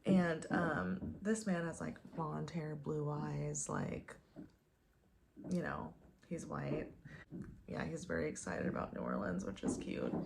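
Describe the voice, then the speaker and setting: A woman's voice: deep voice, expressive, slow pace, gravelly, background noise. A young woman telling a dating story casually, chatty and full of "like" fillers. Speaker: vlogger.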